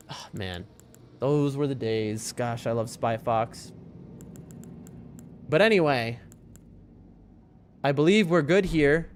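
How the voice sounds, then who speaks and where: A man streaming a game live, rambling casually to his chat in a mid-range voice. His talk wanders freely from one topic to the next. Faint music runs quietly in the background. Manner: chatty and rambling, talks to his chat, soft high voice when talking to his cats.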